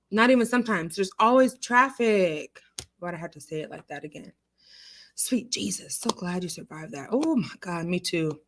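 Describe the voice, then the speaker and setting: A woman hosting a casual live stream, chatting and laughing as she answers viewers' comments. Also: mid-range voice. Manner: chatty, animated, laughs often, talks back to chat.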